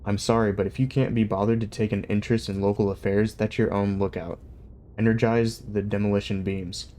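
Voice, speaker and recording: A self-important alien official addresses a whole planet over a loudspeaker, voiced by a man reading a storybook aloud. His voice sits a little low, and he sounds officious and dismissive, with little patience for complaints. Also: little pitch movement, brisk, a little hiss or hum, close to an everyday voice. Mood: annoyed.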